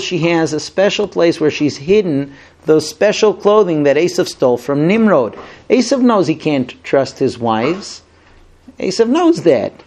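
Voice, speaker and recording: A man delivers a sermon-style lesson, retelling a scripture story with lively storytelling. His voice sits high and moves widely in pitch, rising and dropping as he acts out the quoted lines. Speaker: Torah teacher.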